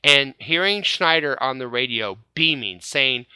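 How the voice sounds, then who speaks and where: A man's voice: medium pitch, lively intonation, measured pace, few pauses, bright, forceful tone, clean tone, no echo. A man hosting a casual fan-show podcast, upbeat, laughing often and stumbling over repeated words. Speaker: podcast host.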